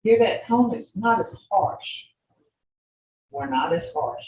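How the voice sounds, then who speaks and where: Older woman, online class teacher, slow careful delivery, distant echoey lo-fi sound. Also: on the low side, lively intonation, a little mellow. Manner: patient, repeats words slowly for learners. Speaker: language teacher. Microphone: video call. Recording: roomy lo-fi video call audio from off-mic.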